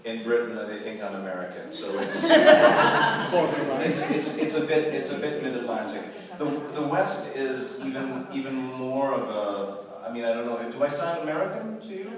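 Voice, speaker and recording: A man's voice: mid-range voice, very animated, normal speed. Canadian man in an echoey convention hall. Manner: chatty, restarts often, playful. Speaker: convention guest actor. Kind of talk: casual Q&A on stage. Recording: echoey hall, distant mic, crowd.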